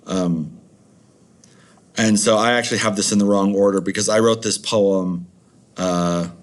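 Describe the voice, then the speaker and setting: A man's voice: lowish voice, steady tone, unhurried. A man teaching a recorded video lesson, chatty and rambling with many fillers.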